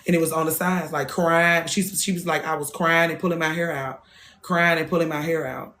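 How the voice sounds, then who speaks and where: A woman's voice: sits low, steady tone, moderate pace, fairly bright tone, slight background noise. A woman in her thirties, a hairstylist hosting a show, talking in a blunt, profane, casual monologue and repeating phrases for emphasis. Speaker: hairstylist and podcast host.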